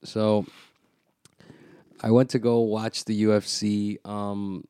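Casual male podcast storyteller: slightly low voice, slangy, swears a lot, recorded close and dry. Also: slow pace, clean tone, dry recording. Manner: animated storyteller, heavy "like", frequent swearing.

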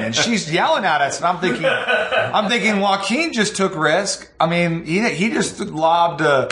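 A man with a slightly high voice tells a story with animated energy. He acts out the voices of the people in it and laughs along the way. The sound carries a roomy echo. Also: measured pace. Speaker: pastor telling a testimony. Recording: echoey room.

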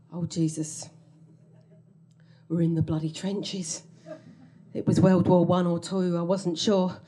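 A woman's voice: medium pitch, a little slow, long pauses, warm tone, breathy edge. A woman telling a comic story from her own life on stage, wry and self-mocking, often laughing through her lines.

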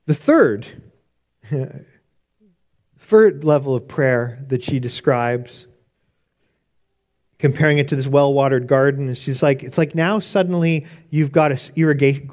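A man's voice: medium pitch, measured pace, a little mellow. Earnest man preaching a sermon. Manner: earnest, conversational with restarts. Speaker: pastor.

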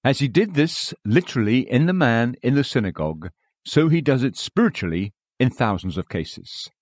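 A man reads a sermon aloud, earnest and exhorting, his mid-range voice very animated at a normal speed. The sound is studio quality with no room noise.

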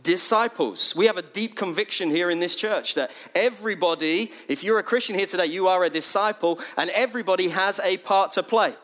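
A middle-aged man, leading his church and preaching a sermon in a lively, conversational way. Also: high-pitched, fairly quick, few pauses. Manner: lively, conversational, acts out quotes in a raised voice. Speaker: church leader.

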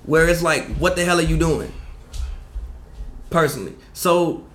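A man's voice: fairly high pitch, unhurried, faint music behind. A man co-hosting a casual basketball podcast, loose and profane, laughing often. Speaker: podcast co-host.

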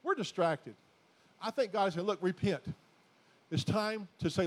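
A man preaching a sermon as pastor, exhorting his congregation in a folksy, repetitive way that builds to loud emphatic declarations. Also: high-pitched, lively intonation, a little slow, pauses often, faint music behind.

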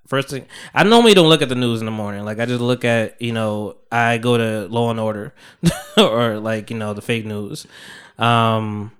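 A man's voice: medium pitch, a bit bright, smooth. A man in his thirties hosting a podcast in loose, profane casual chat, laughing often. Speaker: podcast host.

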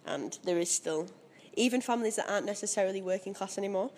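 Chatty young woman, gravelly. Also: mid-range voice, fast, darkish tone, a little hiss or hum. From Leeds area, Northern England. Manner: chatty and opinionated, with frequent laughs. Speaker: interviewee. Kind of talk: casual interview chat.

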